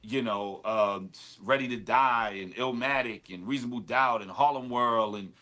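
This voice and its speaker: A Brooklyn rapper in his 40s guests on a casual interview, laid-back and talkative, saying "you know what I mean" a lot. His voice is medium in pitch at a normal speed, sounding pushed and bright.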